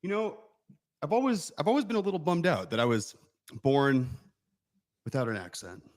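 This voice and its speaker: A man's voice: on the high side, huge pitch swings, moderate pace, darkish tone. A man co-hosting a casual chat, telling wry anecdotes. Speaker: co-owner and co-host.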